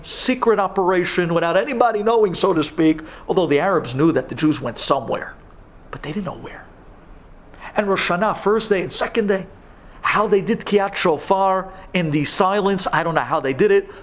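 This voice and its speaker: A man, a rabbi, tells a sermon story with drama, dropping to whispers at tense moments. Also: fairly high pitch.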